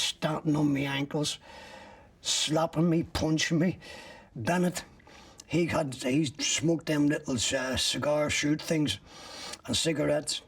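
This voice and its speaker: A man's voice: fairly high pitch, vocal fry, far from the mic. An older man from Ireland bluntly retelling his own arrest in vivid first-person detail, swearing freely. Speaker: interviewee recounting his arrest.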